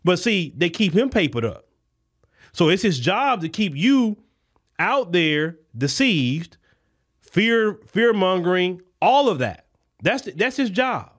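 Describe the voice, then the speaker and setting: Man, political commentary podcast, impassioned, high voice. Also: big pitch swings, slow, a bit bright. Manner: impassioned, repetitive, preacher-like cadence. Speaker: podcast host. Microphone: podcast microphone.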